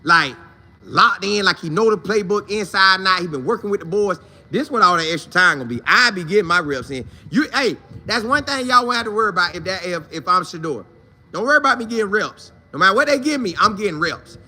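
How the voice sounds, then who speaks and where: A man hosting a casual sports talk live stream, shouting out viewers by name in loose, slangy, animated talk. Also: high-pitched, fast.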